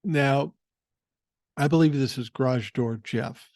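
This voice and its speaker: A man's voice: medium pitch, slow pace, a little mellow, no echo. Blunt older man on a podcast. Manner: blunt, profane, opinionated, thinking aloud with fillers. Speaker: podcast host. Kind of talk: casual political commentary, reading listener emails.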